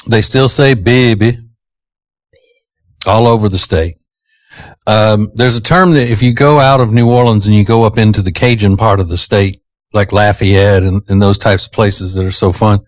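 Male radio host, low voice, folksy storyteller, dry studio sound. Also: no room sound. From Louisiana. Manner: folksy storyteller, laughs easily. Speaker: radio morning show host. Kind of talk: casual radio banter. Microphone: studio microphone.

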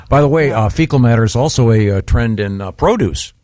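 A man's voice: mid-range voice, darkish tone, no room sound, clean studio sound. A man co-hosting a casual talk show, joking and restarting his sentences often. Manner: halting, joking, lots of restarts. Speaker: radio show co-host. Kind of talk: casual chat.

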